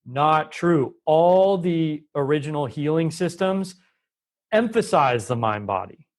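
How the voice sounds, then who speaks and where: A man's voice: on the high side, animated, takes it slowly. A man as a guest in a conversational interview, explaining with emphasis and changing his pace often. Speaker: Ayurvedic doctor, guest.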